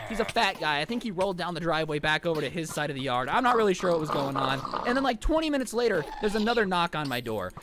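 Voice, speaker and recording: A man in his twenties telling a story in an animated, sarcastic and mocking way. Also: high-pitched. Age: 20s. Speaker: YouTuber telling a story over gameplay. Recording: loud background noise.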